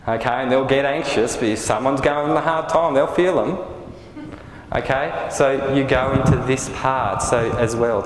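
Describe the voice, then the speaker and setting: A man teaches a small group in a relaxed spiritual workshop, speaking gently and often asking his listeners whether it makes sense. The room sounds big and echoey, and a long reverb trails after each phrase. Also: medium pitch, a little hiss or hum. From Australia. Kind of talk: live talk to a small group.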